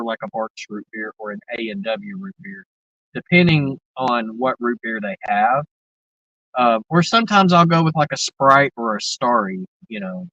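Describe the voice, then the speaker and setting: A man's voice: medium pitch, fairly bright tone, dry recording, lo-fi sound. A man from the American South with a Southern accent, hosting a livestream and chatting to viewers in a rambling, drawling way full of fillers. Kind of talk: casual chat.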